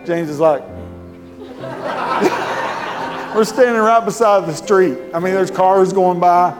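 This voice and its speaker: A middle-aged man preaches in a folksy, storytelling way that swells into fervent emphasis. His voice sits a bit high for a man. The sound carries a long church reverb over clear instrumental music. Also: fairly even intonation, normal speed. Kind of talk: sermon storytelling to a congregation. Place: church sanctuary.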